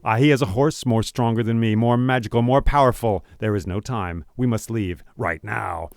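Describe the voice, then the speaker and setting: A man's voice: on the low side, normal speed, creaky, no room sound, studio quality. A man voicing a loyal talking warhorse in a spoken folktale, grave and warning.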